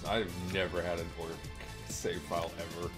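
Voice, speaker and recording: A man gaming with friends over a voice call, excitable and swearing, laughing at what happens in the game. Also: deep voice, moderate pace, soft background music. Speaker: gamer. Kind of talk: casual chat while gaming.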